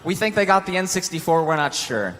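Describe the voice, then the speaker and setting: A man delivering a cocky, deadpan comic monologue on a convention stage. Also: on the high side, brisk, a little hiss or hum. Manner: cocky, deadpan swagger with swearing. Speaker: contestant cutting a promo. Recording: long hall reverb.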